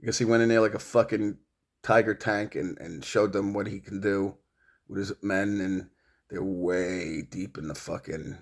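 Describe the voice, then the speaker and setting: A man's voice: sits low, steady tone, moderate pace. A middle-aged man rambling at home, swearing and confronting an absent rival in a long monologue. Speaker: vlogger.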